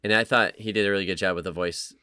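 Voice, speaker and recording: Male podcast co-host, bright and fairly low, dry close sound, rambling casual talk. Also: fairly even intonation, rapid-fire, clear, resonant tone, dry recording. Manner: loose, rambling, lots of fillers and restarts. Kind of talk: casual chat.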